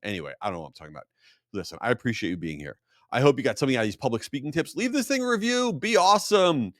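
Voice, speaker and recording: Animated man telling party stories. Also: very fast, no echo, studio quality. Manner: animated, acts out quoted voices with big pitch jumps. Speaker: podcast host. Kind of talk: casual storytelling monologue.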